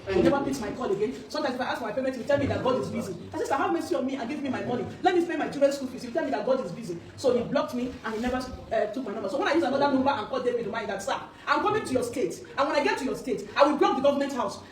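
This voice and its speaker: A woman's voice: high-pitched, expressive, very fast, few pauses. A woman, a business owner giving an earnest, urgent personal account that quotes what people said to her. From Nigeria. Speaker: business owner making corporate gifts. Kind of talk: emotional personal testimony. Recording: echoey room, distant mic, faint noise.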